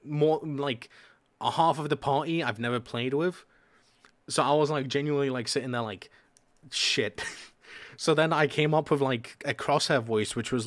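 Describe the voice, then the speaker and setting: A man's voice: medium pitch, a bit bright. A man chats casually on a live stream, rambling through his stories. He leans on fillers and restarts, and he swears offhandedly as he talks.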